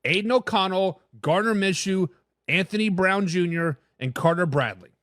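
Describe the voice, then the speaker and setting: A man's voice: high voice, moderate pace, dry recording, clean studio sound. A man hosting a live sports talk stream, giving blunt opinions and answering viewers in the chat, sometimes tripping over his words. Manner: stumbles and repeats words when excited. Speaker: sports talk show host.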